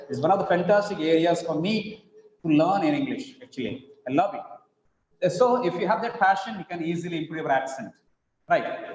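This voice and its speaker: A man teaching an online phonetics class, patiently repeating words slowly to model stress. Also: fairly high pitch, darkish tone. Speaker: English teacher. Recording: echoey, dull online call audio.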